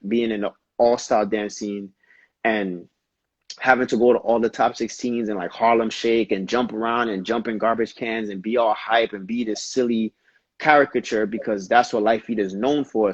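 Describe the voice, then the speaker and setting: Husky young man from Brooklyn. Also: lowish voice, no room sound, lo-fi sound. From Brooklyn, New York. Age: young adult. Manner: animated storytelling, slangy, quick bursts of speech. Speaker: dancer, guest. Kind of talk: casual interview.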